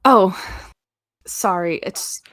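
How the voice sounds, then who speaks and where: Woman voicing tailed heroine, halting, earnest, dry sound. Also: medium pitch, a bit bright, no room sound. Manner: halting, earnest, stumbling over words. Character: shaken young woman with a tail, long imprisoned. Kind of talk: playing a character in a tabletop game.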